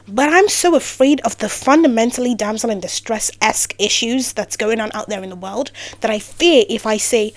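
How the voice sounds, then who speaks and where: Woman doing a motivational vlog, kinda high voice, goofy sarcastic asides. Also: fast, hardly any pauses. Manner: playful, sarcastic, breaks off into rambling asides. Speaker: vlogger. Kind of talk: motivational talk to camera.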